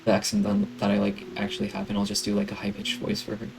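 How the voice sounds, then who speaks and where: A man's voice: on the low side, monotone, quick pace, music in the background, poor audio. A man streaming a game, chatting casually and enthusiastically with lots of fillers.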